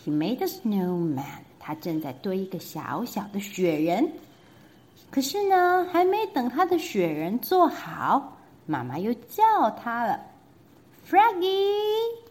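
Reading a children's picture book in two languages, a woman storyteller speaks unhurriedly in a mid-range voice. She keeps a lively, sing-song delivery and adds little asides for the children.

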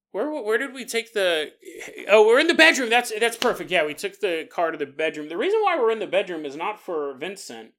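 This podcast host is a man with a slightly bright, high-leaning voice. He runs a solo show as a casual monologue, laughing a lot and performing the voices of the people he quotes.

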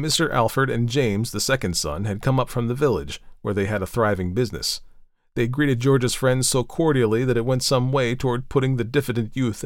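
Low-voiced man narrating a story. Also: no echo, clean studio sound. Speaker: audiobook narrator. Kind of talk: scripted narration.

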